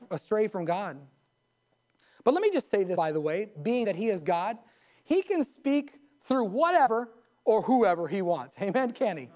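A man's voice: sits high, darkish tone. A pastor preaching a live sermon in his church, who often asks the congregation questions and tells stories to make his points.

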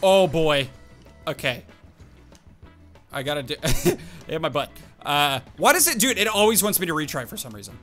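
A young man commenting on his own gameplay, animated and quick to exclaim and laugh. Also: fairly high pitch, soft background music. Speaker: gaming YouTuber.

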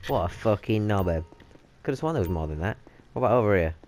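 A man's voice: fairly low pitch, animated, fast talker, darkish tone, slight background noise. A man, swearing and joking constantly while commentating on his gameplay. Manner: sweary, joking, laughs often. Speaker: gaming channel host.

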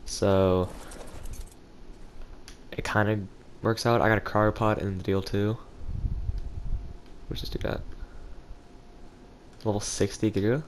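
A man's voice: on the low side, little pitch movement, a little slow, long pauses, slight background noise. A young man with a cold and a stuffy nose, casually commentating a video game as he plays and thinks aloud. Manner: rambling, thinking aloud while playing. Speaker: gaming channel host.

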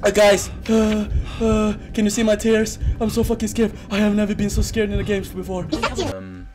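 A man's voice: sits high, expressive, normal speed, background noise. A young man playing horror games on camera at home, shrieking, swearing and laughing nervously. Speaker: horror game let's player. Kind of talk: screaming horror game reaction. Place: home recording setup with a green screen.

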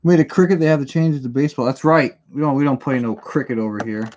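A man's voice: mid-range voice, fast talker, a little mellow. Guy on a live stream just rambling and answering chat while he builds, average voice, lots of hiss. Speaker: livestream host. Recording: noisy home stream audio.

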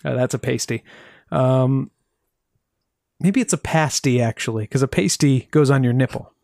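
A man's voice: mid-range voice, moderate pace, gravelly, a little mellow, no room sound. A man co-hosting a podcast, telling a mystery case with dry jokes in casual chat. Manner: dry, joking storyteller. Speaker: podcast co-host.

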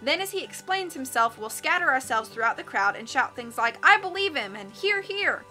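A woman's voice: sits high, sing-song, normal speed, sharp tone, faint music behind, exaggerated voice. A woman voicing a clever, bookish boy who patiently explains ideas, read aloud from a storybook. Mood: explaining.

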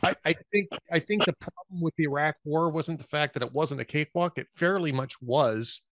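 A man's voice: fairly high pitch, a little fast, a bit bright, dry recording, studio quality. A man hosting a podcast, chatting casually about politics with a guest and telling wry jokes. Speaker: podcast host.

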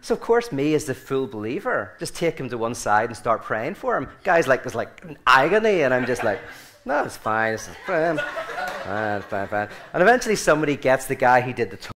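A man's voice: medium pitch, very animated, fast talker, few pauses, a bit bright. An Irish man giving an informal talk to a group, rambling and often restarting his sentences, with a joking, storytelling manner. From Ireland. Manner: rambling, self-correcting, joking. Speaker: guest speaker.

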